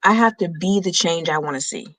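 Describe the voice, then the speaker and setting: A woman speaking as a guest in a casual chat, reflective and measured. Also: lowish voice, a bit bright, no echo.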